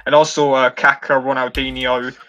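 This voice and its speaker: A man's voice: medium pitch, flat delivery, normal speed, pushed and bright, a little hiss or hum. A man from the south of England with a southern English accent, chatting eagerly and rambling with fillers. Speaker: podcast guest. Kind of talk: casual chat. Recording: dull lo-fi sound.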